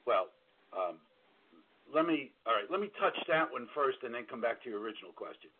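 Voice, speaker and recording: A man's voice: medium pitch, very animated, a little fast, slight background noise. Blunt New York man on tinny radio. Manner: blunt, frank, full of fillers and restarts. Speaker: book royalty auditor. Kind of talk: radio call-in advice. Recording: tinny phone-like radio audio.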